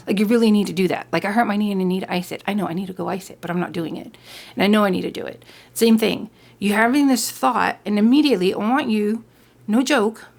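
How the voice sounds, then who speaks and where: A woman doing a casual tarot reading, chatty and animated, who talks straight to her viewers. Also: mid-range voice, vocal fry. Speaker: tarot reader.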